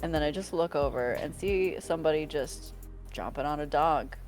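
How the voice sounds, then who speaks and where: A woman's voice: deep voice, normal speed, a little mellow, soft background music. A woman co-hosting a comedy podcast, telling playful stories full of "like" fillers. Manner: playful storyteller, frequent "like" fillers. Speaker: podcast co-host. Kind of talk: casual comedic chat.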